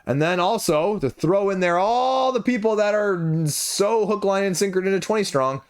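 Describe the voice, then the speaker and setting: A man's voice: high voice, animated, moderate pace, clean tone. A man reviewing board games, talking casually through a crowdfunding page and peppering it with rhetorical questions and asides. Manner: conversational, full of rhetorical questions and "you know, right?" asides. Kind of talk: casual commentary while scrolling a crowdfunding page.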